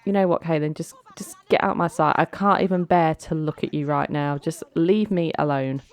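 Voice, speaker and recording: A woman's voice: low voice, natural voice. Woman voicing a furious jilted groom. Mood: angry, hurt. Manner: indignant, accusing, rapid. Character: heartbroken man jilted at the altar, furious.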